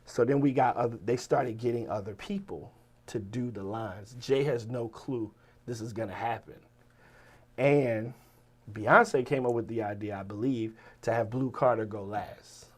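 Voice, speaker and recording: Middle-aged male rapper, mid-range voice; animated, profane interview storyteller. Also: mid-range voice, a little slow. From Virginia. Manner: animated storyteller, swears freely, acts out the people he quotes. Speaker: rapper and writer, interview guest.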